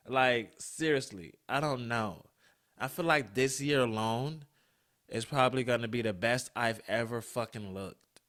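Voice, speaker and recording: A man in his twenties hosting a solo podcast, swearing constantly and swinging between heated outbursts and low mutters. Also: a little slow, fairly bright tone. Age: 20s. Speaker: podcast host.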